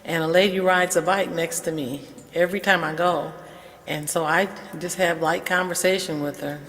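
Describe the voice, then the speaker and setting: An older woman calmly telling a personal story on a call-in show, quoting the people in it. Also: lowish voice, big-room sound. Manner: unhurried, quotes dialogue in her story. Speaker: caller sharing an experience. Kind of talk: casual storytelling.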